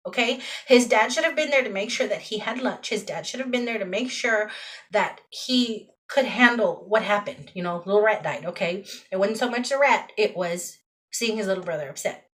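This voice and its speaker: Mom venting on her vlog, fed up, keeps repeating stuff for emphasis, middle-aged, normal pitch. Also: normal speed. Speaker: vlogger and mother. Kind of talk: emotional personal vlog rant.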